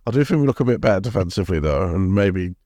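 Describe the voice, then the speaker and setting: A man's voice: low-pitched, expressive, rapid-fire, mellow, dry recording, clean studio sound. A man co-hosting a football podcast, rambling and swearing, laughing often. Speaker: podcast co-host. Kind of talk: casual football chat.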